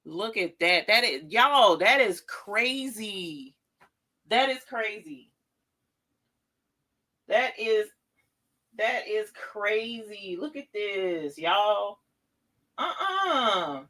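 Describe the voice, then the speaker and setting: Gushing excitable woman host in her forties. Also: mid-range voice, extremely slow, pauses often. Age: 40s. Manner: talks straight to viewers as "y'all". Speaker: craft show host. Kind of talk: casual live-stream chat.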